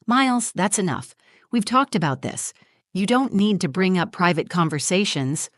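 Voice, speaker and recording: A woman's voice: on the low side, animated, normal speed, dry recording, studio quality, natural voice. A woman voicing an irritated father who talks through clenched teeth in a storybook reading. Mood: tense. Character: irritated father forcing a fake smile.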